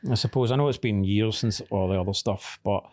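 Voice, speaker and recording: A Scottish man hosting a relaxed interview, easygoing and encouraging, often backing up his guest with short agreement. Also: lowish voice, a little fast. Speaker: interview host.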